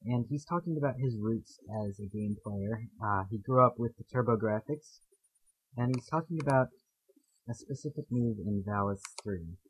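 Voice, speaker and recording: A man's voice: mid-range voice, breathy edge, rough recording. A man hosting a casual gaming podcast, talking in a thoughtful, hedging way. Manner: thoughtful, hedging, reads quotes aloud. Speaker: podcast host. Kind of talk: casual podcast chat about video games.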